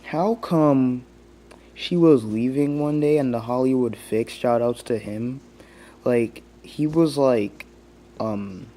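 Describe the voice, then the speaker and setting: A man's voice: medium pitch, mellow. A young man giving a casual, rambling rant, full of "like" and restarts. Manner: rambling, heavy use of "like", many restarts. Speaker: vlogger.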